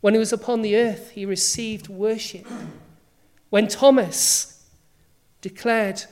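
A woman's voice: medium pitch, fairly even intonation, takes it slowly, darkish tone. A woman preacher delivering a sermon, emphatic and full of rhetorical questions.

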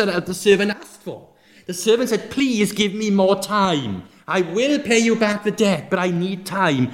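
Male preacher, slightly higher voice, dramatic sermon delivery that moves from loud emphasis to hushed, drawn-out lines. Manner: expressive, swings from loud emphatic exclamations to soft, drawn-out near-whispers; acts out the characters' quoted lines in the parable.

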